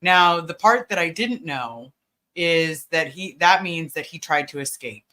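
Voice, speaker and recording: A woman's voice: on the low side, expressive, measured pace, sharp tone. A woman hosting a casual livestream, greeting viewers by name and talking with many fillers. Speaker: livestream host.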